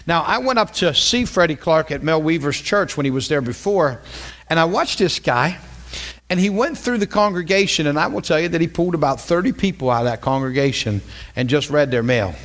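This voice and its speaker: A middle-aged man preaching as a pastor, telling a story in a conversational, animated way and repeating phrases for emphasis. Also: a little high, brisk. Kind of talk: storytelling sermon.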